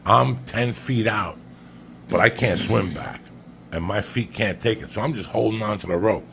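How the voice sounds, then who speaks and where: Gravelly, low-pitched man, profane animated storyteller, noisy podcast audio. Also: moderate pace. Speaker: podcast guest. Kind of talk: storytelling anecdote.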